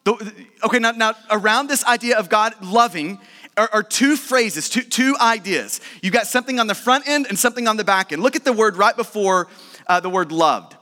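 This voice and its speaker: Male pastor, high-pitched, emphatic sermon delivery, recorded in a church with long reverb. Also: moderate pace. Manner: emphatic preaching that swells to shouts.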